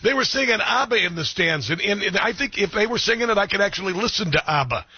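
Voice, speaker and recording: A man's voice: high-pitched, animated, fast talker, slightly rough, dry recording. A man hosting a casual radio interview who asks questions and affirms his guest with short replies. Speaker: radio host. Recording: dull, dry radio audio.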